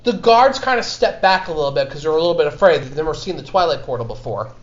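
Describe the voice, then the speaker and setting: A man's voice: on the high side, expressive. Man running a tabletop game, echoey room. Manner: halting, restarts often while describing. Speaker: game master. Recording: echoey muffled room recording.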